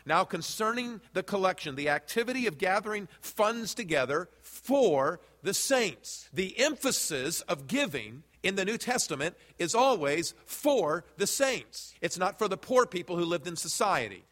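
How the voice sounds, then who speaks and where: A man's voice: high voice, very animated, moderate pace, few pauses, a bit bright. A man preaching a sermon as pastor, addressing the congregation directly and quizzing them with questions. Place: church sanctuary. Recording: long hall reverb from church sanctuary.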